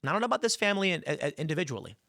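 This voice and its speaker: A man's voice: on the high side, sing-song, rapid-fire, creaky, bright, forceful tone, dry recording, clean studio sound. A man hosting a podcast, telling a story and giving heated commentary, angry and swearing as he talks. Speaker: podcast host.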